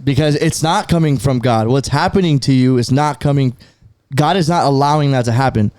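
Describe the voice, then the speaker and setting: Man, mid-pitched, smooth resonant voice, casual faith talk, quotes verses, restarts sentences. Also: fairly quick, a little mellow, dry recording. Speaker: podcast co-host.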